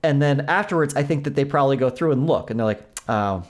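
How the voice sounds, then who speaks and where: This podcast co-host is a young adult man with a slightly high voice who talks fast. In casual conversation he tells an animated story, performing the back-and-forth of the people in it.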